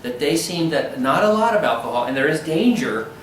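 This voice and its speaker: A man's voice: a little high, brisk, a little hiss or hum. An American man, a surgeon, talking casually and playfully, acting out little voices as he explains. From United States. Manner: animated, playful, acts out voices with jokey emphasis. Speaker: bariatric surgeon. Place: hospital room in India. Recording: echoey room, mic far off.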